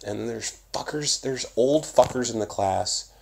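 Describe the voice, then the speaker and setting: A young man vlogging in a casual, profane, rambling monologue, going from loud bursts to mumbles. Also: medium pitch, measured pace, gravelly, slight background noise. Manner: profane, animated, swings between loud and mumbled.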